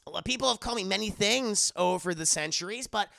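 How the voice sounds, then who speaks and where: Man doing a bubbly high ghost guide girl. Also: fairly quick, gravelly, bright, forceful tone, dry recording, heavily acted. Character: cheerful young female ferry guide of the dead.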